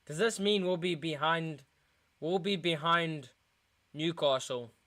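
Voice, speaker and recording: A young man streaming a football watchalong, muttering through quiet spells and yelling at big chances. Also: on the high side, takes it slowly, no room sound. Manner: excitable, shouts at big chances, mutters otherwise. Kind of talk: live football watchalong commentary.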